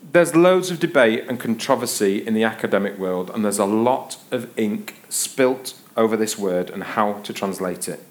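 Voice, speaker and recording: Self-mocking preacher. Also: male voice, lowish voice. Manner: storytelling, self-mocking humor, acted voices in anecdotes. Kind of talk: sermon.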